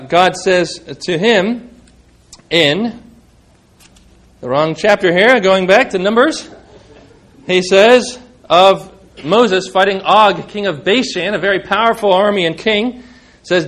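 A man with a high-pitched voice delivers a sermon, lifting his voice whenever he quotes scripture. Between the verses he talks to the congregation in a plain, conversational way, asking them questions. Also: fairly bright tone. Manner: emphatic, rising when quoting scripture, conversational asides to the congregation. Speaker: pastor.

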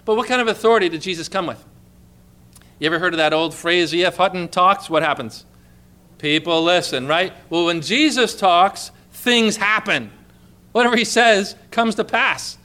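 Guy preaching a sermon, high bright voice, gets loud and emphatic. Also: moderate pace. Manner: emphatic preaching, reads scripture aloud with rising intensity. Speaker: pastor.

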